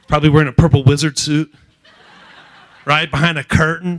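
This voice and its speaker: A male stand-up comedian from New Jersey, doing a profane, rapid-fire routine that acts out characters. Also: on the high side, little pitch movement, a bit bright.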